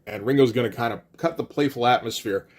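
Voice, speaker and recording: A man's voice: mid-range voice, fast. Casual man recapping a comic. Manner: conversational, quotes characters in a loose retelling, mild swearing. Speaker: comic book reviewer.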